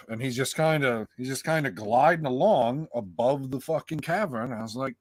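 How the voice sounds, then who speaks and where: A man's voice: mid-range voice, normal speed, few pauses, no echo. A man co-hosting a casual review chat, swearing often and acting out his own reactions as he retells scenes. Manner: profane, animated, acts out his reactions. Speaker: co-host.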